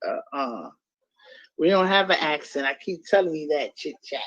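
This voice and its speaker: A woman's voice: low-pitched, normal speed, no echo, muffled recording. A woman from the Bronx with a New York accent, co-hosting a casual chat show and insisting on her point. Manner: insistent, laughing, lively. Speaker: show co-host.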